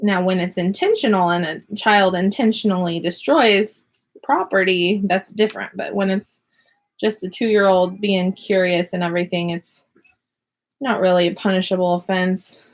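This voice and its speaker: A woman's voice: medium pitch, steady tone, moderate pace. A woman chatting casually on a live stream while she crafts, narrating each step and reading out viewer comments from her home office. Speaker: crafting vlogger and mother.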